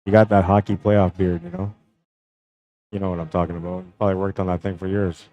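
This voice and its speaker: A relaxed young man talks his way through a pool match on his own live stream. His voice sits fairly low, and his delivery is loose and chatty as he calls the shots and greets viewers one after another. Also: brisk, dull audio. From Canada. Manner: laid-back, chatty, greets viewers by name. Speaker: pool tournament streamer and commentator. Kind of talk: casual live-stream commentary.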